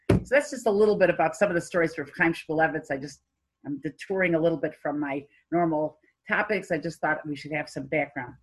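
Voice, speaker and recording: Husky-voiced woman teaching a Torah class. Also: low voice, fairly quick, rough recording. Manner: conversational storytelling with fillers and restarts. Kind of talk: informal Torah lecture.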